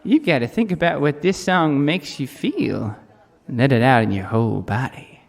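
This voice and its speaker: A man's voice: mid-range voice, animated, normal speed, creaky. A man playing a smarmy pastor with a showy, coaxing teacher tone.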